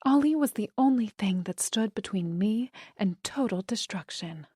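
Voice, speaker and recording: A woman's voice: medium pitch, animated, moderate pace, warm tone, husky, dry recording, clean studio sound. A woman voicing a glamorous, effusive divorcee. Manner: effusive, breezy.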